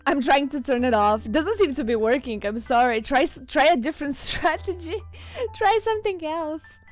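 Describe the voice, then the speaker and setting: A woman speaking English with a non-native accent reads chat aloud and answers viewers during a relaxed stream, frequently breaking into giggles. Her voice is fairly high and animated, at a moderate pace, while faint music plays behind her.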